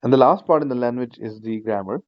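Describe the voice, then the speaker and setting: A man teaching an online speaking-skills class, explaining each point slowly and repeating himself, with plenty of fillers like "you know". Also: medium pitch, no echo, lo-fi sound. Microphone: shared screen video class.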